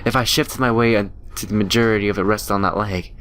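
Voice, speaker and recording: A man's voice: on the low side, fairly even intonation, fairly quick, a bit bright, slight background noise. A young man playing a horror game, reading its story aloud dramatically with joking asides. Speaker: gaming YouTuber. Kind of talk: reading a visual novel aloud with commentary.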